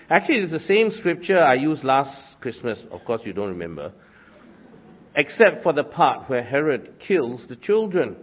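A man's voice: on the high side, husky. A male pastor preaching a sermon, wry and conversational, at the tail end of a cold with occasional coughs. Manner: wry, self-deprecating humor with conversational asides. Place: church. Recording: tinny phone-like sermon recording.

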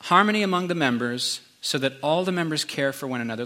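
Earnest, bright-voiced man preaching. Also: a little high, fast, few pauses. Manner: earnest, emotional, conversational preaching with restarts. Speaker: pastor. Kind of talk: sermon.

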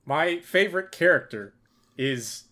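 A man jokes through a casual podcast chat. He swears freely and laughs at his own stories. His voice sits fairly high, bright and very expressive. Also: unhurried. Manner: laughing, swears a lot, trails off with ums.

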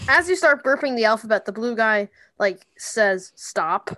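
A woman narrating a tabletop game as game master, in a casual, halting way with many fillers. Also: fairly high pitch, lively intonation, bright, forceful tone, dry recording.

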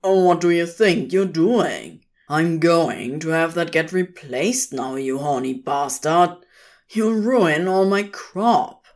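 A woman voicing an irritable, brash male demon with loud, exasperated outbursts. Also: low-pitched, animated, slow, full character voice.

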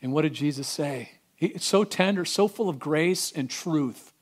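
Middle-aged male pastor, slightly high voice, animated sermon with loud and hushed swings. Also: moderate pace.

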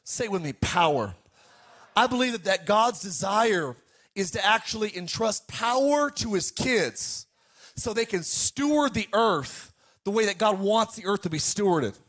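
A male pastor in middle age delivers a sermon in a high, bright-sitting voice. He tells family stories with lively energy and keeps drawing the congregation in with calls to respond. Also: unhurried. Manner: animated storytelling, calls to the congregation.

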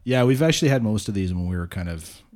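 Laid-back man with a very deep voice. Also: lively intonation, fast talker, a little mellow. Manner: laid-back, modest, hesitant. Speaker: technical producer, co-host. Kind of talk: casual chat.

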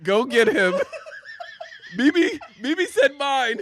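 A man's voice: extremely high pitch, sing-song, takes it slowly, crowd noise. A man co-hosting a casual chat show, teasing his partner and laughing often. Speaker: podcast co-host.

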